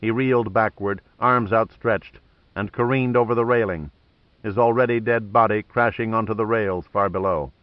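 A man narrating a thriller audiobook in a measured, dramatic storytelling manner. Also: lowish voice, fairly even intonation, dry recording, muffled recording.

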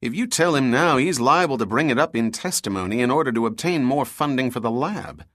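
A man's voice: mid-range voice, animated, fairly quick, a bit bright, no room sound, close to an everyday voice. A man narrating an audiobook voices Bob, a male lab scientist who is dry and skeptical and urges caution. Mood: cautious.

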